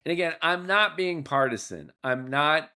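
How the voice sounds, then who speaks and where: A man's voice: fairly high pitch, moderate pace, sharp tone, clean tone. A man hosting a podcast, delivering an opinionated monologue in a blunt, emphatic way, with casual profanity and repeated points. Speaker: podcast host.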